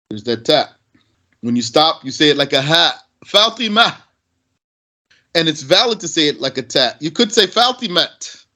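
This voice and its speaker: A man's voice: fairly high pitch, sharp tone. A man teaching Arabic grammar, asking and answering his own questions as he explains.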